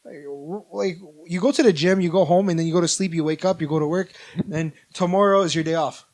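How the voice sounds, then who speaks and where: Chatty young man, higher voice. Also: quick pace, darkish tone. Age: 20s. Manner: rambling storyteller, lots of "like" and restarts. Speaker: podcast co-host. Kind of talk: casual chat.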